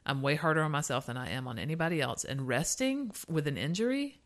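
A woman's voice: low voice, animated, fast. A woman co-hosting a podcast in casual chat, talking candidly and reflectively, with casual swearing. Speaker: podcast co-host.

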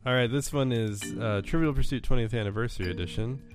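A man's voice: mid-range voice, quick pace. A man hosting a podcast, teasing his co-hosts and reading trivia questions out plainly. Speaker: podcast host, trivia quizmaster. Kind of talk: casual podcast chat. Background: guitar music.

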